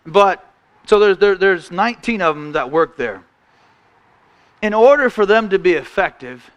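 A man preaching a sermon in a church, folksy, restarting phrases and often clearing his throat. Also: sits high, a bit bright.

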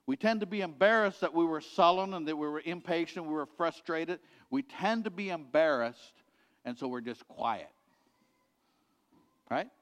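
A middle-aged male pastor preaching in a large hall, his slightly high voice carried by long reverb. He talks earnestly, repeating each point and dropping low and soft at the end of a thought. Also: moderate pace. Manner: earnest, repetitive exhortation, dropping quiet at ends of points. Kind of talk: sermon.

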